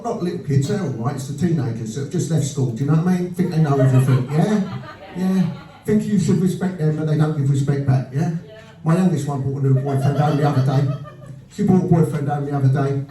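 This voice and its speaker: With a slightly high voice, a man in his fifties works through a stand-up set of blunt, deadpan stories and crude punchlines. The live venue sounds roomy and distant, and the audience laughs behind him.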